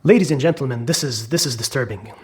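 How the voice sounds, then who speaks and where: A psychology lecturer narrates an explainer video in a dramatic way, his mid-range voice fast, a little mellow and breathy at the edges. He asks the listener questions and acts out quotes as he goes.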